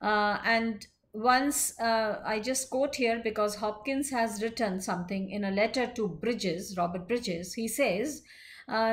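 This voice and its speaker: A woman giving a literature lecture in a measured explaining manner, pausing often with fillers. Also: medium pitch. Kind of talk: classroom lecture.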